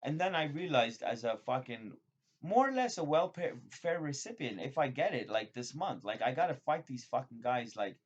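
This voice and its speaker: A man vlogging in a rambling, profane monologue that jumps suddenly between loud excited bursts and low mutters. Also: moderate pace, breathy edge. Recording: dull lo-fi sound.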